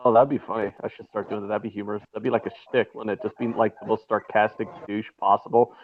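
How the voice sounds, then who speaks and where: A man's voice: fairly low pitch, level tone, quick pace. A man talking sports bets with biting sarcasm and plenty of swearing, slipping into heated rants. His voice comes through a thin, phone-like call line with a faint hiss behind it. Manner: sarcastic, profane, ranting. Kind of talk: casual sports betting chat.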